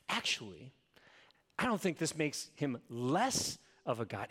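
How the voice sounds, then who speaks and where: Animated preacher in a reverberant hall. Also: male voice, medium pitch, a little slow, breathy edge. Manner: conversational and animated, many "like"s, swings from loud to hushed. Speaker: pastor. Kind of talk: sermon.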